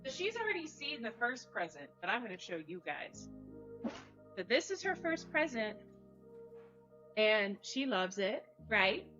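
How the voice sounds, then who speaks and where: A woman's voice: a little high, very animated, measured pace, long pauses. A woman hosting a casual livestream, rambling through a personal story with lots of "like" fillers. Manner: chatty, rambling, many "like" fillers; talks to her dog and chat viewers. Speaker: livestream host. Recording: slightly muffled stream audio, faint music.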